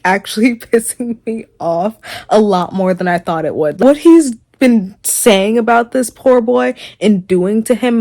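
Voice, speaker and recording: A young woman vlogging her reaction to a book, ranting in an animated, exasperated way and laughing often. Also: medium pitch. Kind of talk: casual reaction vlog.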